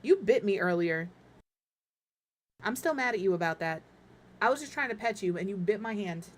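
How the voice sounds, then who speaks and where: Her voice is medium-pitched and expressive, moving at a moderate pace. She's a middle-aged woman live streaming from a home room as she builds in a life-sim game, casually chatting to viewers and her cat with self-deprecating humor.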